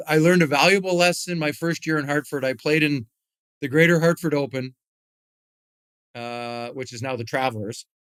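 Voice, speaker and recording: Smooth-voiced middle-aged man telling stories. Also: mid-range voice, fairly bright tone, no echo. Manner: rambling, frequent fillers and restarts. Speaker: podcast guest, retired hockey player and whisky founder. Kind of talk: casual interview storytelling.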